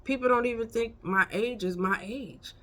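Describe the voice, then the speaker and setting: A woman's voice: a little high, moderate pace, fairly bright tone. A woman in her fifties giving frank, folksy life advice in a casual vlog, chatting straight to her viewers. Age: 50s. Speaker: life coach. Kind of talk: casual motivational vlog talk.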